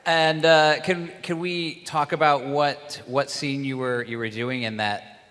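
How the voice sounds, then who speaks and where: Male moderator, slow and halting, with a bright edge to his voice, in a reverberant hall. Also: mid-range voice, steady tone, clean tone. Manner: halting, restarts questions.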